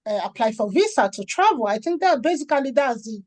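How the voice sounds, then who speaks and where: A middle-aged woman from Nigeria, a charity founder and author, talking in an interview and acting out the dialogue in her stories with lively energy. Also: fairly high pitch, a little fast, no room sound. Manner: animated storytelling, acts out quoted dialogue. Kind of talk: conversational interview.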